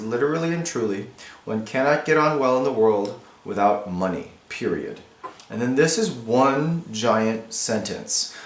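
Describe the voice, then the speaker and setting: A man's voice: medium pitch, reverberant. A male teacher annotating a text for his students, thinking aloud in a casual, explanatory way.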